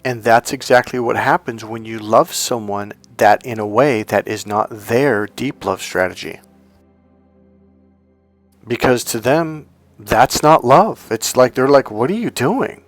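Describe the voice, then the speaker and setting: A man's voice: mid-range voice, unhurried, soft background music. A man working as a dating coach, telling personal stories in a casual monologue and acting out the people he quotes. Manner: animated storyteller, acts out quotes.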